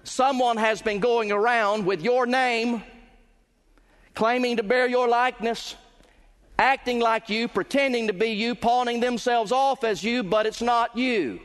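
Male pastor, emphatic pulpit delivery that climbs at climaxes and lingers on key words; high pitch, ringing hall. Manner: emphatic preaching, swelling louder and higher at climaxes, slowing on key words. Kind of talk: sermon. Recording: long reverb of a large hall.

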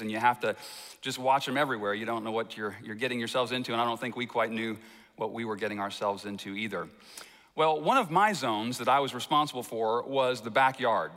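A man preaching a sermon, telling a folksy family story before moving into scripture. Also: mid-range voice. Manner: folksy storytelling, animated when telling anecdotes. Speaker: pastor. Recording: hall reverb.

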